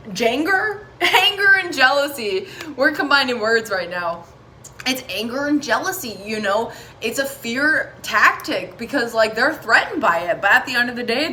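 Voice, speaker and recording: Talking straight to her viewers, a woman offers an encouraging, offhand tarot reading that's frank, chatty, and loaded with swearing. She has a high-pitched, bright voice with a forceful tone, and there's slight background noise.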